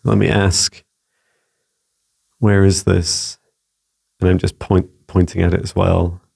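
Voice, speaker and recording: A Scottish man relaying psychic messages to viewers in a casual solo talk, halting and searching for words as he goes. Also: low-pitched, level tone, vocal fry, darkish tone, breathy edge. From Scotland. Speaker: psychic mentor answering viewer questions. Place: home with a laptop.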